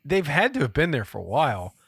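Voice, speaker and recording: A man co-hosting a podcast, telling a story in a casual, profane and animated way. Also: on the high side, fast talker, creaky, slightly rough, dry recording, clean studio sound. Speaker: podcast co-host. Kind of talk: casual chat.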